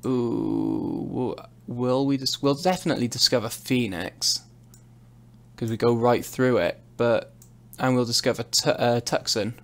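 Driving a truck in a game on his stream, a young man rambles in a chatty way and makes fun of himself throughout the live commentary. He talks a little slowly in a steady, creaky, medium-pitched voice.

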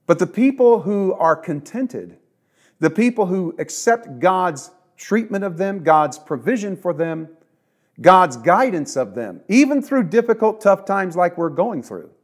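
Middle-aged male pastor, sermon delivery, raised voice, drops to near-hush, repeats words for emphasis. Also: fairly high pitch. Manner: swings from emphatic to soft and hushed.

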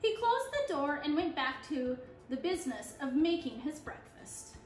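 A woman reading a picture book aloud with a high, lively voice that rises and falls a lot. The reading sounds like an echoey room, with faint music under it. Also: moderate pace. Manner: expressive, animated read-aloud. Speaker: storyteller.

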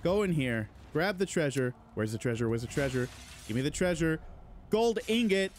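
Jumpy, animated male gamer. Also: mid-range voice, fairly quick, a little hiss or hum. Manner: jittery, panicky running reactions; talks to enemies on screen. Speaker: gaming channel host. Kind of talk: let's play commentary.

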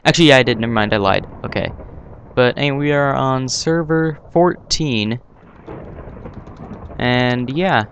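A young man hosting a gaming channel, giving casual, excitable commentary on his own gameplay with yelps and laughs. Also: medium pitch, a little slow, pauses often, a little hiss or hum.

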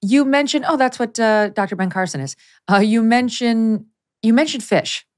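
A woman's voice: on the high side, expressive, normal speed. A woman hosting an interview, asking questions and interjecting with short acknowledgments. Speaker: podcast host. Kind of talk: conversational interview.

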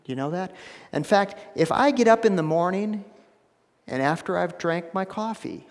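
A man preaching a sermon as pastor, emphatic, repeating phrases and dropping to a hushed low voice for stress. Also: lively intonation, normal speed, long reverb tail. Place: church sanctuary.

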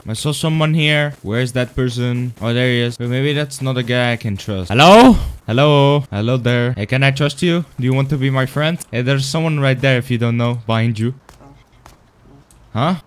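Young male gaming YouTuber, middle-range voice, chatty, cursing, loud outbursts. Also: medium pitch, moderate pace, smooth. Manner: excitable, swears, yells in sudden outbursts. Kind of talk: casual game commentary.

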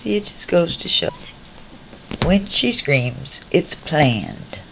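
Low slow lady teasing her birds on a camera mic, dull lo-fi home video with noise. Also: lively intonation, gravelly. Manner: chatty, teasing, talks to animals in a sing-song way. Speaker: pet owner filming her birds. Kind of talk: casual talk to pets while filming.

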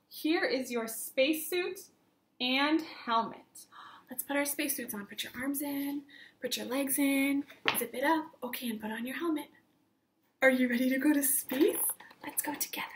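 A woman teacher reading a picture book aloud to young children, counting along slowly in a sing-song voice. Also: high voice.

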